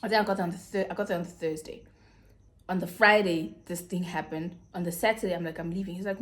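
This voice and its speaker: A South African YouTuber in her twenties tells a personal story on her vlog, fast and with fairly even intonation. She plays both sides of each conversation and sinks to a low murmur when things turn serious.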